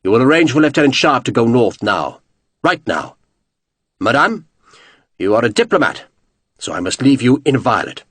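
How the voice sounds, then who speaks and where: Guy playing a curt bossy general, low, clipped, dry close sound. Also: big pitch swings, moderate pace, pauses often, a bit bright, husky, no echo. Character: stern clipped male general, dry and commanding.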